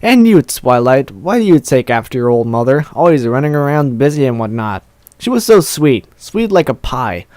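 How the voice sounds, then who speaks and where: A man's voice: medium pitch, big pitch swings, a little mellow, no echo, lightly acted. A man reading the lines of a forgetful, rambling old grandmother pony in a game let's play, without putting on an old voice. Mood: fond. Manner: slow, rambling.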